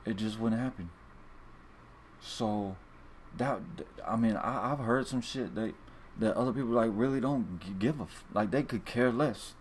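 A man's voice: fairly low pitch, a little slow, a little hiss or hum. Rambling, profane man talking straight to viewers. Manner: rambling, profane, repeats and restarts a lot. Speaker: fantasy sports video host. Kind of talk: casual monologue to viewers.

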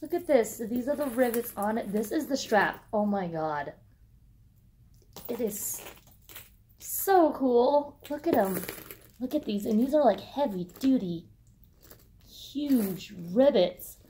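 A woman filming a casual unboxing vlog, gushing with excitement and swearing casually as she shows off what she got. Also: fairly high pitch, measured pace, pauses often, a little hiss or hum. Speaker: vlogger.

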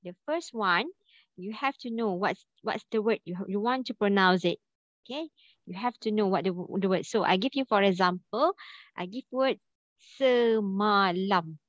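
A woman's voice: medium pitch, dry recording. A woman teaching a language class online, patiently repeating questions and spelling out syllables. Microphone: video call. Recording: dull lo-fi call audio.

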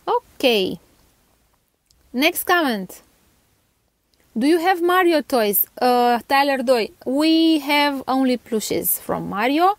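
A high-pitched woman with a Romanian accent reads viewer comments in an unhurried, casual way. She giggles often and trips over names. The room sounds dry and close. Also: animated, no echo. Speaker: toy channel host.

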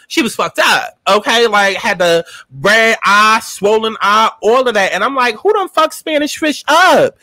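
A man's voice: high-pitched, sharp tone, no echo. A man, giving a sassy, profane, dramatic casual commentary as a TV show reviewer. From New York.

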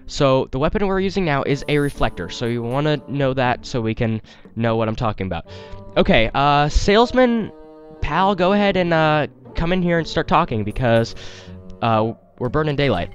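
A man's voice: mid-range voice, lively intonation, normal speed, highs cut off, faint music behind. A man hosting a let's play, giving rambling, apologetic gameplay commentary into a headset mic. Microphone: desktop headset mic.

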